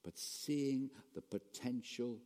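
A man preaching a sermon as pastor, animated, swinging between raised emphasis and quiet asides. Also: mid-range voice, takes it slowly. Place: church hall. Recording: long reverb of a church hall.

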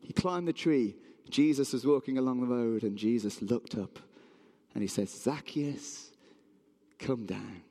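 A man's voice: medium pitch, lively intonation, moderate pace, warm tone. A man preaching a sermon in a church hall, telling a story with animation and asking the audience questions.

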